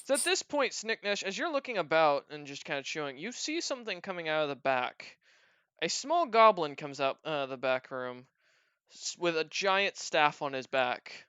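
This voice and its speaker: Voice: mid-range voice, big pitch swings, normal speed, a bit bright, smooth, no echo. A game master narrating a tabletop game in a loose, hesitant way.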